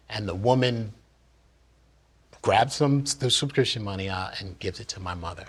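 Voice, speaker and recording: A man's voice: lowish voice, normal speed, long pauses, fairly bright tone, husky. A man from New Jersey earnestly and candidly telling a personal story in one unedited take, reflective as he looks back.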